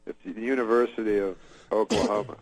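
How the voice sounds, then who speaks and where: A man from Canada telling a long anecdote as a guest comedian, rambling and deadpan with little chuckles. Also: lowish voice, brisk, dry recording, rough recording. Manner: rambling, deadpan, chuckles at his own story. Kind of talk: anecdotal storytelling.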